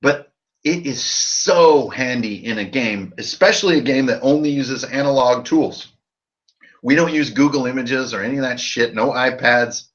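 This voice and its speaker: A man's voice: medium pitch, moderate pace. Tipsy, profane man on a lo-fi stream. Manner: loose, profane and rambling. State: tipsy from drinking. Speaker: host of a tabletop RPG channel. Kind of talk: casual live-stream chat. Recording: dull lo-fi sound.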